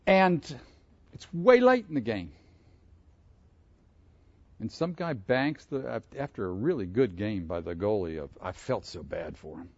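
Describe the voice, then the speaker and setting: Animated preacher man, lively pitch. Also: a little slow, long pauses, dry recording, dull audio. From Pittsburgh. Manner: animated, asks the audience questions. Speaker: pastor. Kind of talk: sermon.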